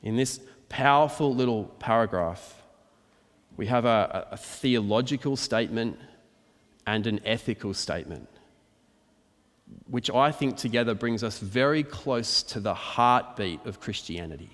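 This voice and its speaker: A man's voice: medium pitch, expressive, a little slow, fairly bright tone. A man preaching a conversational, verse-by-verse sermon and acting out the quotes. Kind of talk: expository sermon. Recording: long hall reverb.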